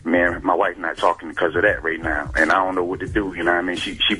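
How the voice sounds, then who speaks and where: A man calling a radio show, flustered and rushed as he explains his trouble. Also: sits low, level tone, pushed and bright. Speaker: caller.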